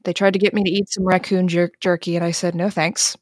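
A cocky, seasoned scavenger, played by a woman, calls home from a tabletop game. The voice sits low and sounds dry, with a reassuring tone that brushes off worry. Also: flat delivery, fast, no echo, lightly acted. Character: seasoned adult scavenger, cocky yet protective.

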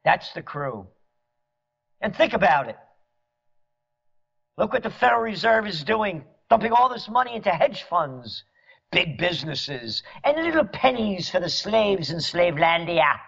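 A man delivering a sarcastic, mocking monologue as a commentator, at times rising to shouts. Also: sits high, very animated, a little slow, vocal fry, long pauses, husky. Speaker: trend forecaster and commentator. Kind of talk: ranting monologue. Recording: dull lo-fi audio.

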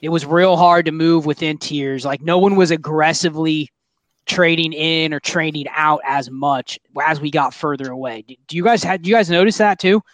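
A man's voice: fairly high pitch, normal speed, fairly bright tone, dry recording. A man in casual podcast chat, laying out his reasoning in long, qualified runs of talk. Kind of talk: casual fantasy football chat.

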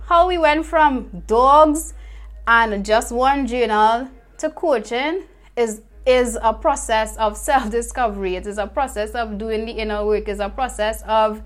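A woman's voice: on the high side, a bit bright. A young adult woman, a life coach, telling her personal story in an earnest, reflective way, repeating phrases for emphasis.

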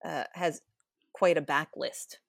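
A woman co-hosting a casual book chat, measured and thoughtful with hesitant phrasing. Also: deep voice, gravelly, dry recording, clean studio sound. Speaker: podcast co-host.

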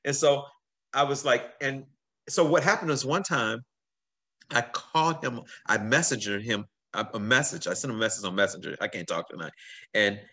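A middle-aged man, a guest on a podcast, telling stories in a casual, animated way, swearing freely and acting out what people said. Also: medium pitch, normal speed. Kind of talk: casual storytelling.

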